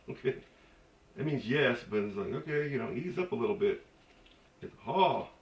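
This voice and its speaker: A man giving a casual spoken language lesson, halting with many fillers and restarts and dropping joking asides. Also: mid-range voice, lively intonation. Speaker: language teacher. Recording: echoey dull recording from a distance.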